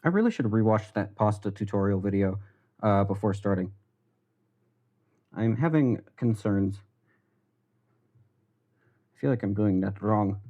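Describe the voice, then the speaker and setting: A man's voice: fairly low pitch, unhurried, long pauses, mellow, muffled recording. Rambling young American man streaming. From United States. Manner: rambling, self-deprecating, swears casually. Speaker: livestreamer. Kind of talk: casual live-stream chat while cooking. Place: home kitchen. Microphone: headphones with mic.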